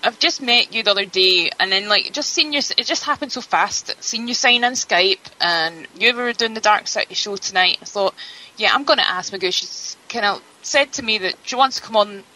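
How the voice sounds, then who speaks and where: A woman's voice: mid-range voice, normal speed, few pauses, sharp tone, poor audio. A woman co-hosting a radio show, chatty and enthusiastic, often restarting her sentences. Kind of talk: casual radio chat.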